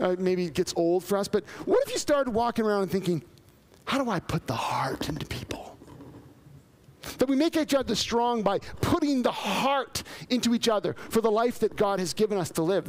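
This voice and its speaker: A male pastor delivers an emphatic sermon in a fairly high voice that rises and falls widely. He repeats phrases for effect, runs through long spoken lists and keeps putting questions straight to the congregation. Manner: asks the congregation questions directly.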